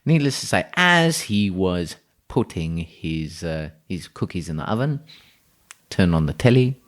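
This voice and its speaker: A man's voice: sits low, very animated, unhurried. A man, co-hosting a podcast and telling an improvised story in a rambling way, often restarting his sentences. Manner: rambling, restarts, frequent laughter.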